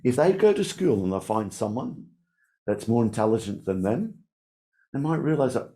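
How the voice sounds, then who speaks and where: A man leads a sales training session, and his voice swings widely in pitch as he talks. He keeps slipping into the voices of the people in his stories, then comes back to his own voice to make his point. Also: normal speed. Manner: animated, acts out quoted voices. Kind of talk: live training talk.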